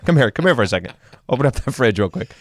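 A man co-hosting a radio show, trading quick jokes in casual banter. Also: mid-range voice, very animated, no room sound. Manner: joking, quick quips. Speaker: radio co-host.

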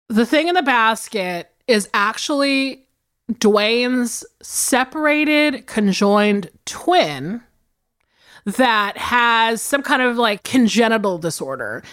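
Animated high-voiced woman podcast co-host. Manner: animated, swearing, big laughs. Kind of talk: casual chat, recapping a film.

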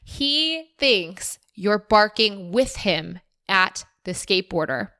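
Woman doing a solo podcast, bright voice, earnest and encouraging, answering listener questions. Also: mid-range voice, animated, slow, clear, resonant tone. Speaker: podcast host. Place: former resident of Austin.

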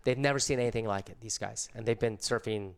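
Middle-aged man, easygoing surfer storyteller, smooth resonant voice. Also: on the low side, quick pace. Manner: laid-back, slangy surfer talk. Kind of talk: casual storytelling.

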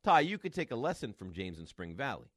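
A middle-aged man hosts a sports radio show with a lively, swooping voice and dry studio sound. He banters casually with his co-host and acts out family stories in quick voices. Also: mid-range voice, no echo. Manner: animated storyteller, acts out family quotes. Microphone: studio microphone.

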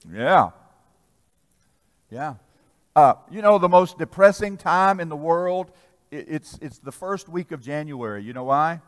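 A man preaching a sermon to a congregation, telling a story, swinging between loud exhortation and soft asides, asking the crowd questions. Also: on the high side, expressive, measured pace, long pauses. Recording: long reverb of a large hall.

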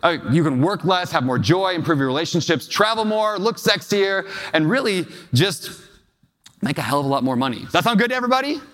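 A man's voice: high-pitched, sing-song, fairly quick, fairly bright tone. A man giving a talk as a real estate investor, telling emotional personal stories to a live audience and asking them questions. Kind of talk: storytelling keynote to a live audience. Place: large hall with an audience. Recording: long hall reverb.

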